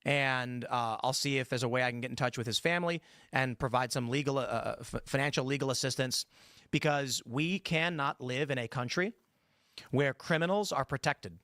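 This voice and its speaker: A man's voice: medium pitch, moderate pace, a bit bright, no room sound, clean studio sound. A man co-hosting a casual political chat, giving blunt, opinionated commentary with some hesitations. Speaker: podcast co-host.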